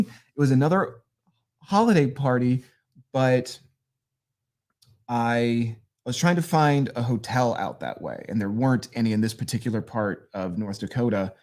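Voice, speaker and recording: A man from northeastern Pennsylvania, a guest comedian telling road stories with a casual, profane, deadpan delivery. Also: mid-range voice, unhurried. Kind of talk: casual storytelling.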